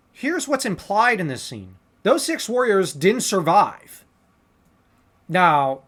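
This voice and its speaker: A podcast co-host with a fairly bright, higher-pitched voice casually breaks down a movie scene shot for shot. He earnestly lays out his own fan theories, talking through his ideas at length.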